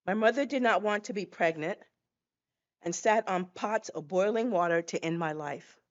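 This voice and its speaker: A woman's voice: mid-range voice, moderate pace, lo-fi sound. A woman in her sixties giving a dramatic personal testimony as a guest speaker, acting out scenes as she tells them. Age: 60s.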